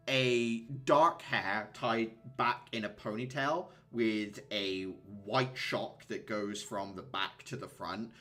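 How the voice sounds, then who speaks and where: Low-voiced game master narrating, halting. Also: male voice, pushed and bright. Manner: halting, filler-heavy descriptive narration.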